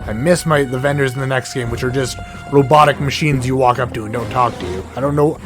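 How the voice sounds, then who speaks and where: A man with a middling pitch talks through a video game in loose, rambling commentary, correcting himself mid-sentence and tossing in jokey asides. His voice is wearing out and turning hoarse, cracking now and then. Game music plays clearly behind him. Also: fast, fairly bright tone. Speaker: let's play host. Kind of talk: casual gameplay commentary. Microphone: desk mic with a cable that gets knocked.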